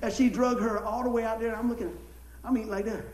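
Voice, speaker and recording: A man, a pastor telling folksy, animated stories in a sermon and acting out the people in them. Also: high-pitched, fast, slight background noise. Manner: folksy, animated storytelling with acted-out quotes and laughter. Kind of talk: storytelling sermon. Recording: echoey room.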